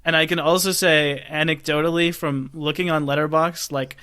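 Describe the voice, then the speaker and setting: A man's voice: fairly high pitch, steady tone, normal speed, pushed and bright, clear, resonant tone. A man hosting a podcast, running through film facts and figures in casual chat. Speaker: podcast host.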